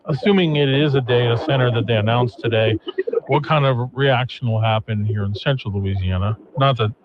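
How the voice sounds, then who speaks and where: Relaxed male talk radio host. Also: mid-range voice, brisk, highs cut off, over a noisy crowd.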